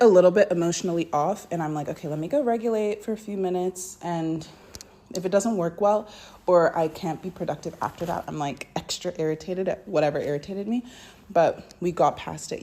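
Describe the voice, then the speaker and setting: A woman's voice: lowish voice, mellow. A woman hosting her own solo podcast from her bedroom, talking in a casual, reflective way with lots of "like.". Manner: chatty, reflective, peppered with "like". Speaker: podcast host.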